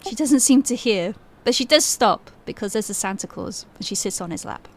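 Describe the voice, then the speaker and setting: A woman's voice: medium pitch, lively intonation, a little fast. A woman narrating a tabletop game as game master, casual and giggly.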